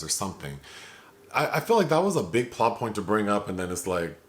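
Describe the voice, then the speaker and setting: A man hosting a casual film review podcast, talking in an easy chatty way with lots of fillers and the odd laugh. His voice sits a little low. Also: very animated, fairly quick. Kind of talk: casual chat.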